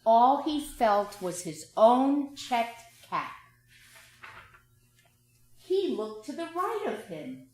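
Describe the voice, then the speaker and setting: A woman, a school director, reading a children's picture book aloud in a playful, expressive way, asking the listeners questions. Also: on the high side, slow pace. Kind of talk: children's storybook read-aloud. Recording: very echoey room.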